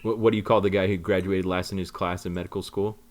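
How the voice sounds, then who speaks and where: Deep-voiced co-host, relaxed, dry jokes. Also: male voice, fast talker. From Oklahoma, United States. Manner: relaxed storyteller, dry humor. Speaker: podcast co-host. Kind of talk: casual chat.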